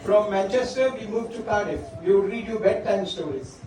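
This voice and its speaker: A man's voice: high voice, expressive, heavy background noise. A middle-aged man giving a father-of-the-bride speech, telling stories about his daughter and stopping often to say her name. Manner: warm storytelling, pausing to address his daughter by name. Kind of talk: wedding speech. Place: large function hall. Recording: echoey hall from far off, crowd faint. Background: guests laughing.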